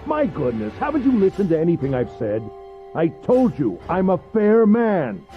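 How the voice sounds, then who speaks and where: A pompous, cruel gentleman villain for a game, who taunts with a lively, sing-song lilt. His voice is a little higher than most men's. The audio is slightly muffled, with game music behind. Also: normal speed. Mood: smug. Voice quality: pompous, mocking. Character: smug, cruel older male captor. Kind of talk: video game voice acting.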